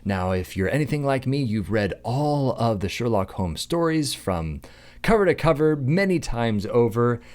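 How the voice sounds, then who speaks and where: A man's voice: mid-range voice, big pitch swings, normal speed, a little mellow. A man in his thirties giving an enthusiastic, chatty book review as a parent who reads aloud to his kids. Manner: enthusiastic, chatty, some restarts.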